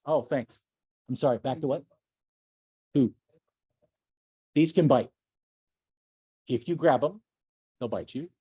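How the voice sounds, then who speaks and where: An older man giving a lively, enthusiastic slide lecture to a club, full of chatty asides and gushing praise. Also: medium pitch, slow pace, pauses often, breathy edge, no echo. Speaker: naturalist lecturer.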